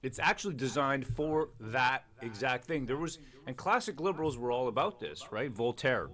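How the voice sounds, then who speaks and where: A man's voice: mid-range voice, animated, normal speed, hardly any pauses, fairly bright tone. A middle-aged man hosting a livestream, talking in a rambling, emphatic way full of restarts. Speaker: streamer and host. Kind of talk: casual political chat on a livestream.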